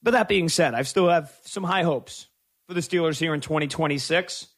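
In a slightly high voice, a male host of a call-in sports radio program hammers home strong opinions, lingering on key words to stress them.

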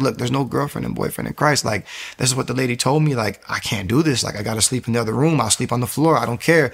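A man giving an emotional personal testimony as an interview guest, telling his story quickly and acting out what people said. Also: mid-range voice, vocal fry, husky. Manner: fast, animated storytelling, acting out quotes.

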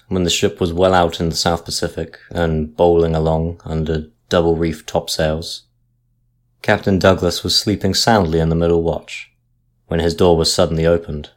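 A man reading a sea story aloud as narrator, in a measured, steady manner. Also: deep voice.

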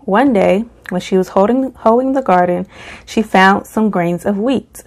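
A woman reading a children's picture book aloud at a slow, gentle pace. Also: on the low side. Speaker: storybook reader.

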